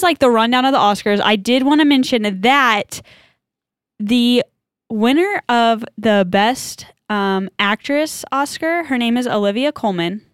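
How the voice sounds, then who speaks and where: A woman's voice: fairly high pitch, clean tone, no room sound, studio quality. Bubbly chatty woman podcast host. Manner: bubbly, chatty, many filler likes. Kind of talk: casual chat.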